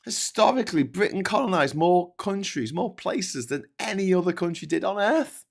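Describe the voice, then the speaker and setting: A man's voice: sits high, animated, normal speed, vocal fry. Rambling sweary Scouse man. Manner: rambling, sweary, sarcastic, many restarts. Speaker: host of a livestream news chat. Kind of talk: casual livestream commentary reading super chats.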